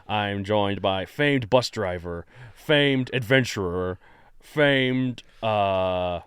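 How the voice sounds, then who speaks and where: A man's voice: fairly low pitch, drawn-out words, fairly bright tone, smooth, dry recording, clean studio sound. A man hosting a podcast in a casual, jokey, playful chat. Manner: jokey, playful, self-mocking. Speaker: podcast host.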